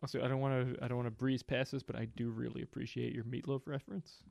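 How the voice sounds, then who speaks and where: A man's voice: mid-range voice, little pitch movement, quick pace, gravelly, darkish tone, dry recording, studio quality. A man co-hosting a casual comedy podcast, teasing his co-hosts with wry, crude asides. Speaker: podcast co-host.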